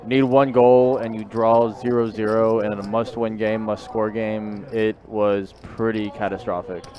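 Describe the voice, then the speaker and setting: A man's voice: lowish voice, level tone, measured pace, muffled recording. A man commentating a live poker stream in casual chat, talking in a glum, repetitive, rueful way. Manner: glum, repetitive, rueful about a sports loss.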